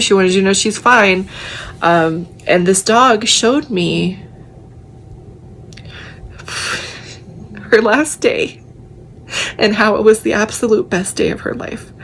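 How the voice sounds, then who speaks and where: A woman's voice: on the low side, creaky, a little hiss or hum. An American woman who works as a psychic medium, recapping her day in a chatty, emotional vlog.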